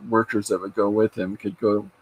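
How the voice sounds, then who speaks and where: Low husky guy rambling along, easygoing chat while he sketches panels. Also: level tone, moderate pace, dull audio. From Canada. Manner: rambling, chatty storyteller. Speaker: podcast host and artist. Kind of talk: casual chat while drawing.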